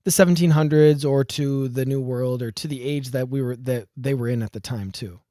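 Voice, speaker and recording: Male podcast co-host, mid pitch, hesitant and casual, dry studio sound. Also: a little fast, warm tone, dry recording. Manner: loose, hesitant, thinks aloud with fillers.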